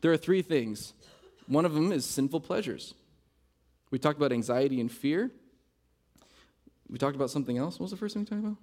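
A man's voice: a little high, lively intonation, brisk, pauses often, darkish tone. A male pastor preaching a sermon, earnest and driving home his points with repeated rhetorical questions.

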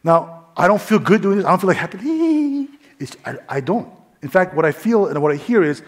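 A young man preaching his testimony, swinging between hushed whispers and loud fervent bursts. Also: high-pitched, sing-song, moderate pace. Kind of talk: testimony sermon.

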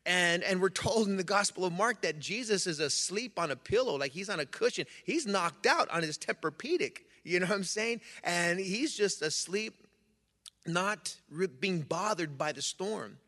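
A man's voice: sits high, animated, moderate pace, bright, forceful tone. A man preaching as a church pastor. He reads scripture and then talks casually to the congregation, with many restarts. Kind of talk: sermon with scripture reading. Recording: long reverb of a hall.

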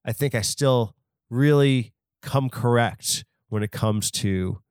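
A man's voice: mid-range voice, slow pace, a little mellow, clean tone, no room sound, clean studio sound. Rambling man hosting a comedy podcast. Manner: rambling, self-interrupting, absurd tangents. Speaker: podcast host. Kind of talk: solo comedic podcast monologue.

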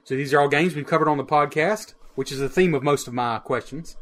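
A man's voice: fairly high pitch, a little fast, a bit bright. A man hosting a casual podcast, running a quiz and laughing easily between questions. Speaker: podcast host, quiz master.

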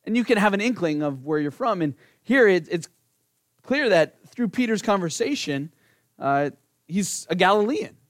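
Conversational male pastor, higher voice. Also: big pitch swings, normal speed, no echo, studio quality. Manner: conversational, asks "right?" often. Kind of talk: sermon.

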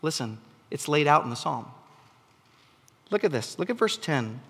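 A man preaching with a fairly high voice that climbs into emphatic, animated bursts. His sermon rings out with a long reverb trailing behind every phrase, as in a large hall. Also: moderate pace, vocal fry, breathy edge. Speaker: pastor.

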